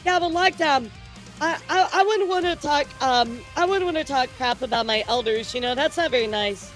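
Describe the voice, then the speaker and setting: A woman's voice: high voice, expressive, moderate pace, faint music behind. A woman hosting a casual livestream news show, chatty and teasing, often breaking into laughter. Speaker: streamer and news host.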